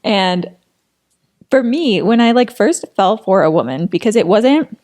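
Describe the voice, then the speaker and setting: A woman's voice: mid-range voice, lively intonation, a little slow, darkish tone. A woman in her late twenties co-hosting a podcast, talking candidly in casual chat, with lots of "like" fillers and frank swearing. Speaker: podcast co-host.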